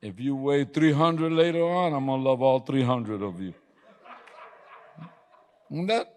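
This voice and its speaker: Animated pastor preaching in a reverberant hall. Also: male voice, mid-range voice, measured pace. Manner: animated storytelling with sudden yelling and laughter. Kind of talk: sermon. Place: church sanctuary.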